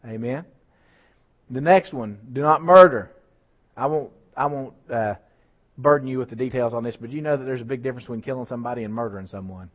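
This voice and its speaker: A man's voice: mid-range voice, fairly quick. A man preaching a sermon, building emphasis and throwing asides to the congregation. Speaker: pastor. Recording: slightly dull lo-fi church recording.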